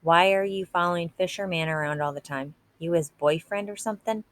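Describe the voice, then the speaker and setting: A swaggering teenage boy bully needles his target with mocking questions, as a woman reading a novel aloud voices him. The voice sits low and teasing. It is plain storybook read-aloud. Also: steady tone, moderate pace, close to an everyday voice. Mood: taunting. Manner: taunting, teasing.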